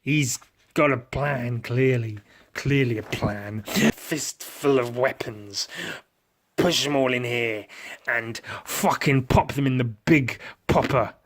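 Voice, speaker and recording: Speaking slowly in a mid-range voice, the male podcast host, also a miniature painter, swears plenty and adds mouth sound effects as he narrates with playful energy.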